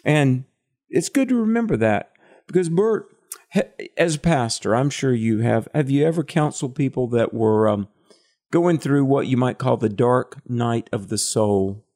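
A man's voice: mid-range voice, expressive, a little slow, warm tone. Thoughtful man explaining scripture. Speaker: radio Bible study co-host. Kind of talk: radio Bible study talk.

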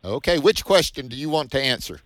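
A man's voice: mid-range voice, lively intonation, fairly quick, fairly bright tone, dry recording. A man co-hosting a radio call-in show, taking callers with short, upbeat remarks. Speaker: radio co-host taking calls. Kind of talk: casual call-in chat.

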